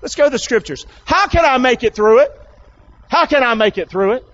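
A male pastor with a high-pitched voice delivers an animated sermon to a full church. He keeps calling out to the congregation and pressing them to respond. The recording sounds dull and lo-fi. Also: fairly quick. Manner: animated, coaxing calls to the congregation.

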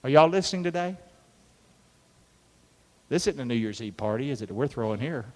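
A man preaching a sermon as a pastor, animated and leading the congregation in call-and-response. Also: mid-range voice, fairly quick. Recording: long hall reverb.

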